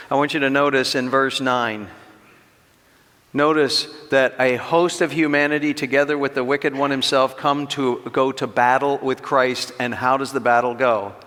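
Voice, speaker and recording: A middle-aged man teaching a Bible class as a pastor, emphatic, posing rhetorical questions and slowing down to stress key points. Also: mid-range voice, a bit bright. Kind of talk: expository sermon teaching. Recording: long reverb of a church hall.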